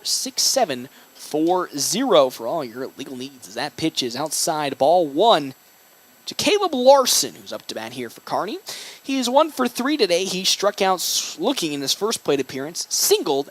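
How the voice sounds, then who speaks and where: A young man doing baseball play-by-play with a high, lively voice that leaps on big plays. He reads sponsor names quickly between pitches. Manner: excitable, rising on big plays. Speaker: play-by-play announcer.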